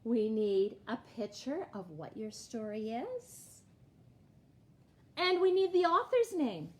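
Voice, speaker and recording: A woman leading a library storytime, reading a picture book aloud and teaching young children in a clear, animated way. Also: a little high, takes it slowly. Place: library programme room.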